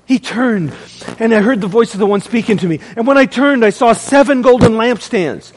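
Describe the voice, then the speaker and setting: High-pitched guy preaching, big dramatic swings loud to hushed, talks right to the church. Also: a little fast, in a large hall. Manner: calls to the congregation. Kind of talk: sermon.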